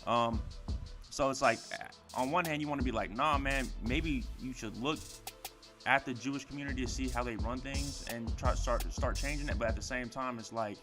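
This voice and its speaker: A man in casual conversation, talking in a quick, laid-back and agreeable way. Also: medium pitch, music in the background.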